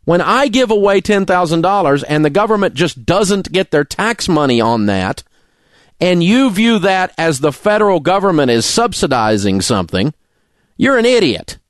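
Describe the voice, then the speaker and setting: A man's voice: high voice, big pitch swings, normal speed, dry recording, studio quality. A middle-aged man, hosting a talk radio show and delivering an angry, indignant rant full of name-calling. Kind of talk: ranting talk radio monologue.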